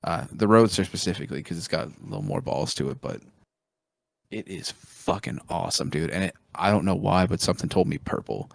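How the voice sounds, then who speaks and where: Man, very low voice, gravelly, enthusiastic and profane, casual podcast chat, dry close sound. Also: fairly quick, no echo. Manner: enthusiastic, swears freely, rambling. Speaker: podcast co-host.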